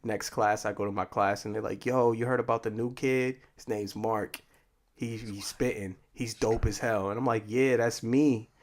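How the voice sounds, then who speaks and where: A man's voice: fairly low pitch, fairly even intonation, moderate pace. A young man from Boston co-hosting a podcast in casual banter, laid-back, swearing, laughing often. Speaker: podcast co-host.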